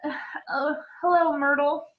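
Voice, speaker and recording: A woman's voice: sits high, steady tone, echoey room, voice pushed up. A woman voicing an earnest, anxious know-it-all schoolgirl in a storybook reading, slightly muffled recording. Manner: quick and anxious.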